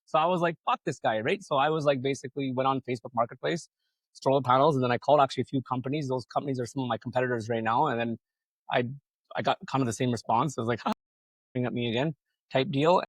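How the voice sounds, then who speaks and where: A solar company founder appears as a podcast guest, talking fast at a medium pitch as he rambles through his business story. He swears freely and acts out other people's lines, and the recording is dry.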